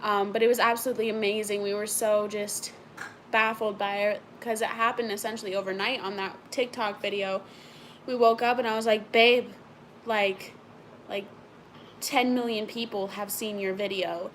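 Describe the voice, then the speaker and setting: A sleepy woman answering viewer questions in a casual chat, halting and searching for words as she rambles. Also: mid-range voice, steady tone, a bit bright, a little hiss or hum, rough recording.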